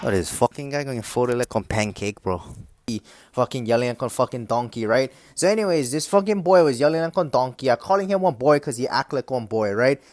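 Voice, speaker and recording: A man's voice: medium pitch, lively intonation, a little fast, darkish tone, no echo. A young man ranting casually to his viewers, swearing often and checking in with "right?" and "bro". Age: young adult. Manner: profane, repetitive, keeps asking "right?". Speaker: vlogger. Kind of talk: casual rant to camera.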